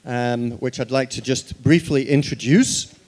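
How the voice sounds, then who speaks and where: A man's voice: medium pitch, unhurried, a little mellow. A man moderating a conference panel, polite and a little hesitant, with fillers.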